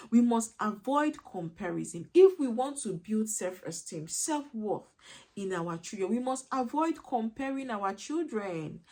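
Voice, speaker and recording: A woman's voice: mid-range voice, a little mellow. A woman giving earnest parenting advice as a coach, emphatic, repetitive and a little preachy.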